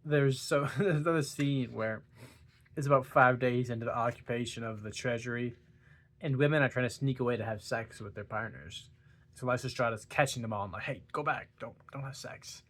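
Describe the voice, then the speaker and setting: His mid-range voice is brisk and a bit bright as he chats about a book in a casual vlog. The young reviewer sounds tired, yawning, rambling, stumbling and giggling.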